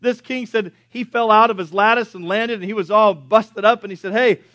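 A pastor preaching a sermon, animated and punchy, acting out biblical characters in different voices. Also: male voice, high voice, a little fast, no echo. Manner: punchy, swings between loud and soft.

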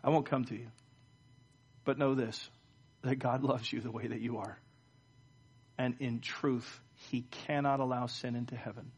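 A man's voice: medium pitch, husky. A middle-aged pastor gives a sermon to his church. He speaks in a mid-range voice and often stumbles over repeated words. He moves between telling stories and leading a prayer. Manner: storytelling with frequent stammered word repeats. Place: church service.

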